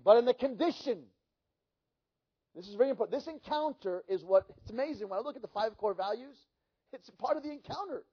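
Fervent high-voiced male preacher, lo-fi. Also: quick pace, breathy edge. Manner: fervent, dramatic storytelling with many restarts. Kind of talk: sermon testimony.

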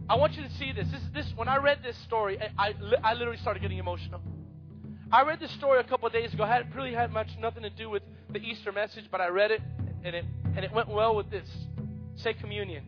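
A man's voice: sits high, fast, lo-fi sound, over music. A pastor preaching passionately, telling a story and urging his congregation to follow along. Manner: impassioned, calls out to the congregation. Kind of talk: emotional sermon storytelling.

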